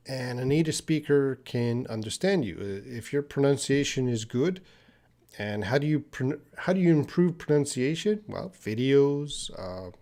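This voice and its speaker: Slow-talking man teaching English. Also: mid-range voice, vocal fry, darkish tone. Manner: slow, explains by restating, many fillers. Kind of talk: live-stream Q&A lesson.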